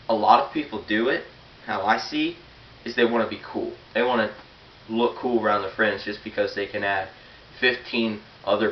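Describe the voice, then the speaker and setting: A teenage boy giving an earnest, blunt sermon and reading scripture aloud. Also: fairly low pitch. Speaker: youth preacher. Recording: roomy, dull, hissy, far from the mic.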